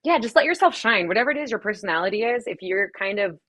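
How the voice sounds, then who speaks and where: A woman from Los Angeles, a DJ and streamer, talking fast and casually in a podcast interview, laughing often and swearing freely. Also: medium pitch, expressive, fairly bright tone. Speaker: DJ and streamer guest.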